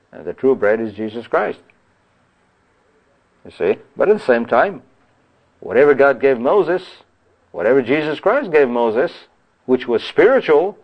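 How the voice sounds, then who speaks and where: A man preaching a Bible teaching sermon. He reads scripture slowly, then explains it in a conversational way, with frequent "you see" and "you know". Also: medium pitch, lo-fi sound.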